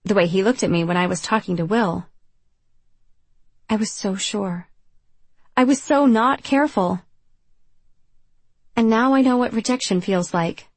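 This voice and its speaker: Young woman reading an audiobook, husky, wry and self-mocking, dry close sound. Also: medium pitch, unhurried, pauses often, dry recording. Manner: wry, confessional, self-deprecating. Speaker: audiobook narrator. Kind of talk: first-person audiobook narration.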